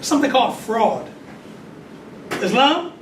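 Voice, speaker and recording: High-voiced man preaching in an echoey hall. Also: huge pitch swings, slow pace. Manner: conversational preaching, frequent "right?" tag questions. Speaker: temple leader giving a talk. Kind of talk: call-and-response religious lecture. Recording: echoey distant room recording with noise.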